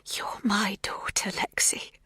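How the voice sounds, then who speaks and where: A woman's voice: lowish voice, sing-song, moderate pace, no echo, clean studio sound, voice pushed up. A woman whispering as an intense tender older woman. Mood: hushed intense. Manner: breathy whisper.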